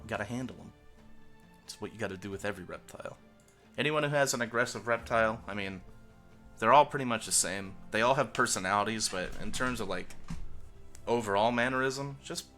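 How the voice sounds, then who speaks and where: A young man rambling through a crude storytime vlog in a bright, forceful voice. He sounds a little short of breath and swears freely, getting louder when he is worked up. Faint music sits in the background. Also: fairly low pitch. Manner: crude, profane and animated, swinging loud when worked up. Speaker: vlogger.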